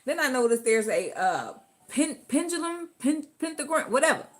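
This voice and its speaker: A woman's voice: sits high, moderate pace. A woman, telling a story casually and dramatically. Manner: animated, dramatic, acts out voices in her story. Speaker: storyteller vlogger.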